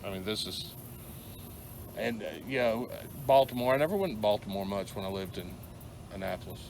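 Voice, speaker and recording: A man's voice: fairly low pitch, expressive, a little fast, gravelly, darkish tone, slight background noise. A middle-aged man with a Southern American accent, ranting angrily to camera, rambling and stumbling over repeated words. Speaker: vlogger. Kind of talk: angry venting rant to camera.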